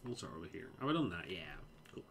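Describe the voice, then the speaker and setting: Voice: sits low, very animated, quick pace, vocal fry, a little hiss or hum. A streamer from the Liverpool area giving casual, rambling commentary while playing a game and swearing freely. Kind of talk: casual let's-play commentary.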